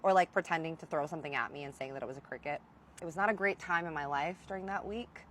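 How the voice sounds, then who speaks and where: A young woman telling a casual storytime vlog, animated and playful, swearing freely. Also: sits low, fast, a little hiss or hum. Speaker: storyteller vlogger.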